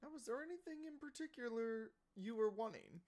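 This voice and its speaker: A woman's voice: on the high side, lively intonation, fairly quick, a little mellow, pitched above the performer's own voice, close to an everyday voice. A woman voicing a fussy, eager male tailor who chats and teases as he serves a customer. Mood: attentive. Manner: chatty, teasing, fussing over the customer.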